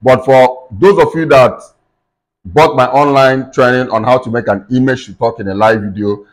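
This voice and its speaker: Man explaining software step by step. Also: mid-range voice, normal speed, poor audio. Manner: plain instructive talk with frequent "okay" and "um". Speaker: tech tutorial host. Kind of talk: screen-recorded software tutorial.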